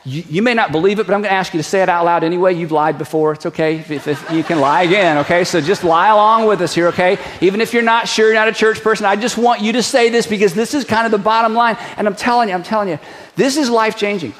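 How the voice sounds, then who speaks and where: A man's voice: high voice, fast, fairly bright tone. A middle-aged male pastor giving a conversational, joking sermon. He piles up rhetorical questions and leads the congregation in a spoken declaration.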